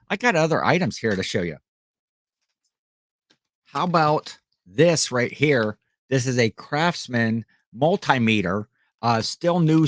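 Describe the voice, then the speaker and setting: Selling items on a laid-back live stream, this host reads viewers' chat aloud and wanders off, often restarting and using fillers. The medium-pitched voice is clean, studio quality, with no echo.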